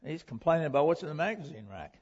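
A man's voice: fairly high pitch, sing-song, rapid-fire, darkish tone, husky. Preaching man, lo-fi church recording. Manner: earnest, rhetorical questions, varied emphasis. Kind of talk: sermon. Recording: lo-fi dull sound.

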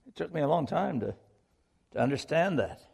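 A man's voice: on the high side, big pitch swings, fairly quick, vocal fry, darkish tone, breathy edge, in a large hall. A man preaching a sermon to a congregation, earnest and questioning, repeating key lines for emphasis. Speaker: pastor.

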